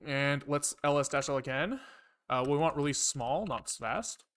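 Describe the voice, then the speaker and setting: The voice is a man's, a little high, smooth and slightly bright, at a moderate pace. He's a livestreamer coding in real time, casually thinking aloud, rambling and cursing, with wry side remarks for his chat.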